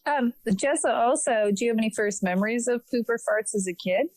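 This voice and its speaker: A woman's voice: a little high, a little fast, darkish tone, no room sound, rough recording. A woman co-hosting a casual podcast, asking the guest upbeat questions. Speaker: podcast co-host.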